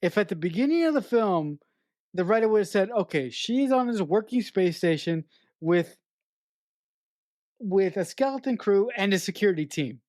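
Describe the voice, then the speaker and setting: A woman talking over a film on a podcast, blunt and exasperated, swearing freely as she lays out what went wrong. Her voice sits at a middling pitch and sounds close and dry, with no room around it. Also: expressive, normal speed, darkish tone, no room sound. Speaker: podcast co-host. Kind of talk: casual film review chat.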